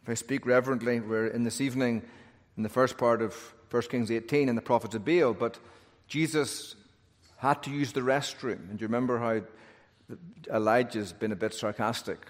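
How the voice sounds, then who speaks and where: A man preaching a sermon in an animated way, with humorous asides. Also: mid-range voice, normal speed. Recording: long hall reverb.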